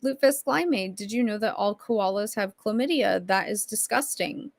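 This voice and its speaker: A woman's voice: medium pitch, normal speed, creaky, no room sound, clean studio sound. A woman hosting a casual livestream, reading chat messages aloud and rambling through her commentary. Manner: chatty, rambling, reacts to chat. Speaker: streamer host.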